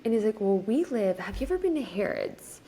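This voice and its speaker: Animated young woman telling a story. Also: mid-range voice, fairly quick, a little hiss or hum. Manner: animated, lots of "like" fillers, voice jumps up when quoting people. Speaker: podcast co-host. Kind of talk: casual storytelling chat.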